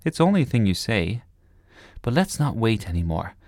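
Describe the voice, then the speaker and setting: A man's voice: lowish voice, very animated, darkish tone, dry recording, studio quality. A man voicing a bossy, cheerful little girl in a storybook reading, eager and scheming. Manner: eager, scheming, talks fast to persuade.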